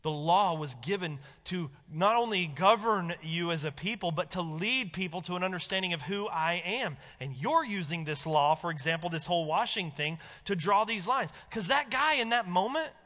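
A male pastor preaching with a bright, ringing tone that carries through a church sanctuary. His delivery is animated and emphatic, rising high and then sinking low and quiet for stress. A long reverb trails his words. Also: moderate pace. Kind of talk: sermon.

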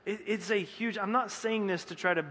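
A man's voice: high-pitched, steady tone, normal speed, a bit bright, a little hiss or hum. A man preaching a sermon as pastor, conversational and self-deprecating, with joking acted asides. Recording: echoey hall.

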